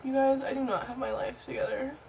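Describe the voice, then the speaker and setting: A young woman talks straight to her camera in a loose, chatty vlog style, frank and quick to laugh. Her voice sits a little high, and she drops the odd swear word without fuss. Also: sing-song, darkish tone, slight background noise. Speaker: vlogger. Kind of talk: casual chat to camera.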